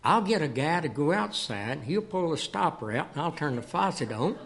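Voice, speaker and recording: A good-humored old country preacher, as a man acts him out. He teases in a folksy, quickening manner. The voice sits fairly high. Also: very animated, gravelly, a bit bright, exaggerated voice. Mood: teasing. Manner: folksy, teasing. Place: church sanctuary.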